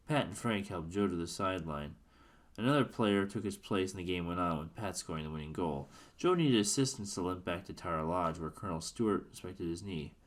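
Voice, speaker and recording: Guy reading a kids mystery book aloud, lowish voice, trips over words and fixes them. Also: a little fast. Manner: stumbles and self-corrects, offhand asides. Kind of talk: casual read-aloud narration.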